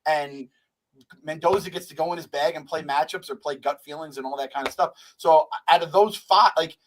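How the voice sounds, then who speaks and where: A man's voice: a little high, a little fast, low-quality recording. Profane, laid-back male podcaster. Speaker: podcast co-host. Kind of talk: casual sports chat.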